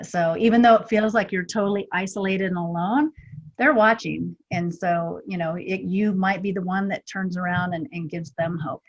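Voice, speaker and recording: A woman's voice: fairly low pitch, highs cut off. A middle-aged woman guest, a business strategist, talking chattily with many fillers and quoted asides. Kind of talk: casual interview chat.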